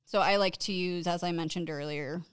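A woman's voice: lowish voice, moderate pace, clear, resonant tone, no room sound, clean studio sound. A woman giving casual self-care advice, candid and chatty, swearing freely and laughing at herself.

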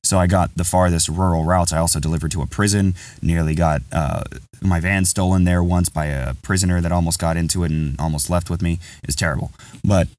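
Deep-voiced male podcast host, candid and rambling, sitting a little back from the mic. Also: steady tone, fairly quick, a little mellow, no room sound, far from the mic. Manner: rambling, candid, says "bro" a lot. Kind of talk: casual podcast storytelling.

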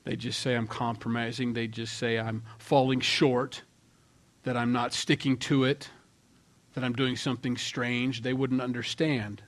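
A man preaching a sermon with a mid-range voice. He talks in a relaxed, conversational way and acts out quoted voices, swinging between loud and hushed. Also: medium pitch, unhurried. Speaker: pastor.

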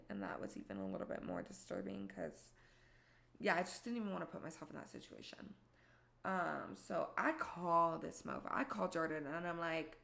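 Young woman, storytime vlog, candid and sweary, low-pitched, gravelly, bright edge. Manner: candid, profane, self-mocking. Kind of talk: casual storytime monologue.

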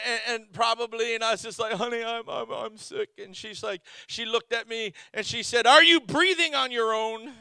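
A man's voice: very high voice, creaky, pushed and bright, clear, resonant tone, no echo. A man preaching a storytelling sermon as a missionary, with frequent restarts and exclamations. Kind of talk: Pentecostal-style sermon.

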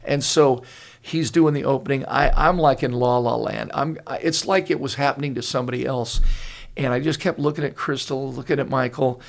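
This older man's voice is mid-range and gravelly, and his pace is brisk. A pastor and podcast host, he shares stories in a casual conversation, earnest and animated, with plenty of restarts.

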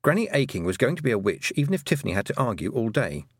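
A man narrating a children's fantasy audiobook in an expressive storytelling manner. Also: medium pitch, fast, husky, dry recording, clean studio sound. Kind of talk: scripted narration.

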